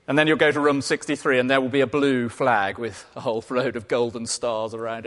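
In a large hall with long reverb, a man with a mid-range voice delivers a brisk sermon. He's animated, tossing in playful asides and laughter, then dropping into quiet, earnest tones.

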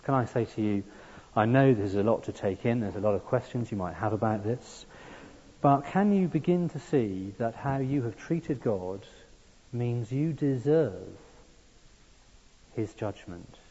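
A man's voice: mid-range voice, lively intonation, a little slow, dark tone, husky. A man preaching a sermon, earnest and building to emphatic peaks. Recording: dull sound in a long-reverb hall.

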